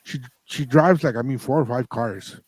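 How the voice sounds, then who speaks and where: A man's voice: mid-range voice, moderate pace, a little mellow, breathy edge, dry recording, poor audio. A man co-hosting a podcast, telling a family story in casual talk that mixes in Spanish phrases and acts out the people in it. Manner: switches between English and Spanish phrases. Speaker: podcast co-host.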